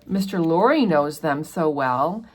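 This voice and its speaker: A woman's voice: low-pitched, expressive, unhurried. A woman hosting a casual book discussion, chatting her way through a chapter and paraphrasing it with plenty of fillers.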